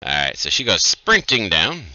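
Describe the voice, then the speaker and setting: A man's voice: on the low side, huge pitch swings, moderate pace, sharp tone, no echo, dull audio. A man narrating a tabletop role-playing game as dungeon master, describing scenes and joking with his players. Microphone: headset over voice chat.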